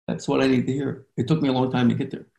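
A man's voice: mid-range voice, little pitch movement, quick pace, vocal fry, warm tone. A man hosting an interview show, talking in a passionate, rambling and emotional way. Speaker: podcast host. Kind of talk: interview conversation. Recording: roomy echo.

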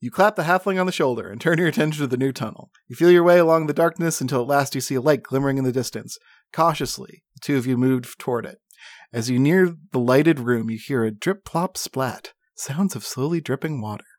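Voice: medium pitch, brisk, no echo, clean studio sound. A narrator reading a gamebook aloud in a casual, playful way, breaking off to joke with friends.

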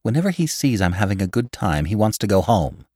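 A man's voice: big pitch swings, brisk, mellow, dry recording, clean studio sound. A man voicing an indignant, complaining wife at a late party. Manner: shrill, complaining.

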